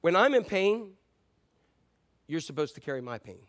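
With a fairly high pitch and big pitch swings at normal speed, a middle-aged male pastor preaches by telling stories in a conversational way. He moves back and forth between loud emphasis and quiet asides.

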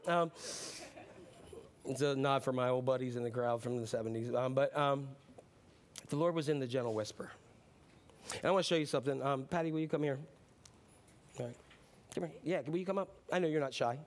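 A man pastor giving a sermon in a casual, chatty way with frequent ums, swinging between loud preaching and soft, hushed asides. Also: medium pitch.

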